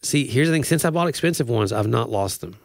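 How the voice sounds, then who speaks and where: A man co-hosting a podcast in casual chat, playful and quick with jokes. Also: medium pitch, expressive, vocal fry, no echo, studio quality. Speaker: podcast co-host.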